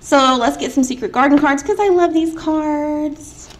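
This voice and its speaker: A woman's voice: high-pitched, measured pace. A woman giving a casual spiritual card reading straight to camera, chatty and emphatic. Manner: chatty, emphatic, lots of filler "like". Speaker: tarot card reader.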